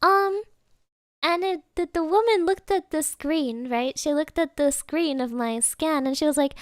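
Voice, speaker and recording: A woman's voice: high-pitched, animated, normal speed, dry recording, clean studio sound. A woman streamer telling a story in casual late-night chat, rambling with fillers and restarts and slipping into Japanese phrases.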